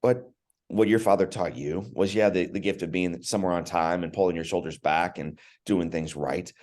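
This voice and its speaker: A deep, slightly mellow male voice with fairly even intonation and a moderate pace. He's a podcast guest sharing a personal story earnestly and emotionally, often restarting and repeating words as he begins.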